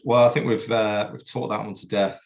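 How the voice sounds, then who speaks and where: A man's voice: lowish voice, level tone, brisk, creaky. A man co-hosting a casual podcast chat, hesitant with many fillers and restarts. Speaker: podcast co-host.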